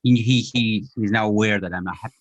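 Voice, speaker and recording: A man with a Philadelphia accent co-hosts a relaxed live stream. His voice is on the low side and his humour is dry. He swears casually and laughs easily at his partner. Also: fast talker. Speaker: co-host.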